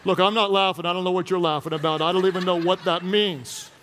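A man's voice: sits high, fairly even intonation, fast, fairly bright tone, a little hiss or hum. A man preaching a humorous sermon as pastor, playful and teasing with the congregation. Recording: long reverb of a large hall.

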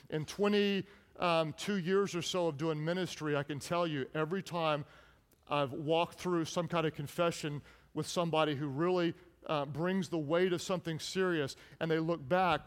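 A man in his thirties, a pastor preaching a sermon, telling a personal story in an earnest way with frequent restarts. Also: fairly high pitch. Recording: long reverb in a large hall.

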